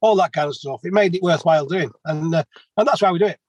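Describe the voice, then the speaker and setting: Man in his fifties, husky, a little high, dry close sound, chatty storyteller. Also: fast, dry recording, highs cut off. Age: 50s. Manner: chatty, rambling anecdotes with laughs. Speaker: plumber, interview guest. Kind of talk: casual storytelling.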